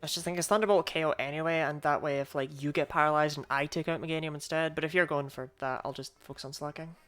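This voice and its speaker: A woman's voice: deep voice, fairly even intonation, fast, a bit bright, faint music behind. A Scottish woman streaming a game and chatting in a teasing, jokey way. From Scotland. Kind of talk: casual gaming chat.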